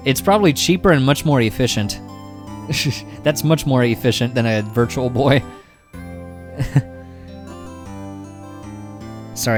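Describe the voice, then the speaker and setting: Joking, foul-mouthed man streamer. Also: medium pitch. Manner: joking, profane, rambling. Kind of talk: casual game commentary.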